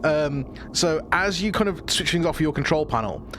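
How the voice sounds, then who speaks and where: A man's voice: fairly high pitch, animated, normal speed, noisy background. A man narrating a tabletop role-playing game as game master, in a casual, rambling way with many fillers.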